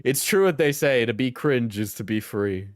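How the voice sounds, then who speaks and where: A man hosting a live stream, reacting with rambling, halting commentary and frequent laughs. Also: mid-range voice, expressive, no room sound, studio quality. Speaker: streamer host.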